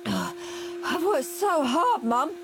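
A woman's voice: fairly high pitch, takes it slowly, noisy background, voice pushed up. Woman doing a whiny, cheeky young boy. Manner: whiny, excitable.

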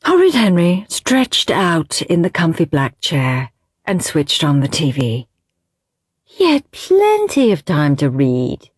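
A woman reading a children's storybook aloud with expressive narration. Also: on the low side, slow, breathy edge, no room sound, studio quality.

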